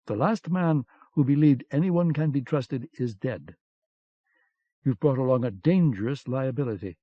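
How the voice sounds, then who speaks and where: A man's voice: medium pitch, unhurried, no room sound, close to an everyday voice. A man reading an audiobook, voicing a cold, curt female spy with a frosty manner, on a dull lo-fi cassette recording. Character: cold, veiled female resistance agent, icy and curt.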